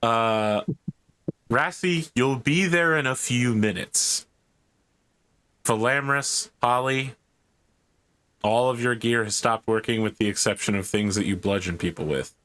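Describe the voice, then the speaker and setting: A man's voice: mid-range voice, measured pace, pauses often, fairly bright tone. Man running a tabletop game. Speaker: game master.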